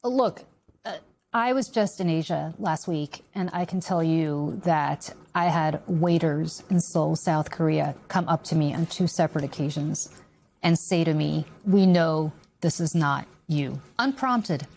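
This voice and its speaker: A woman's voice: deep voice, unhurried, vocal fry, darkish tone. Emphatic woman strategist on cable news. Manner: emphatic, repeats phrases for stress. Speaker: political strategist, TV guest. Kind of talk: cable news interview commentary.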